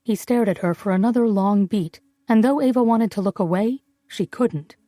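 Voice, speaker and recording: A woman reading a novel aloud as audiobook narrator, in measured storytelling. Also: medium pitch, warm tone, no echo, studio quality. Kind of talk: scripted narration.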